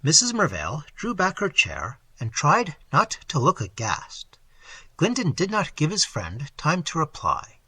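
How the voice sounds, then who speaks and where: A man narrating a classic novel as an audiobook reader, with an expressive, wry delivery. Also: fairly high pitch, a little slow, husky, no echo.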